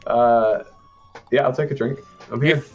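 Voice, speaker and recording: A man's voice: medium pitch, measured pace, faint music behind. A man playing a tabletop game, joking and laughing with the group in casual chat. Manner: playful, laughs often, animated. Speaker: player.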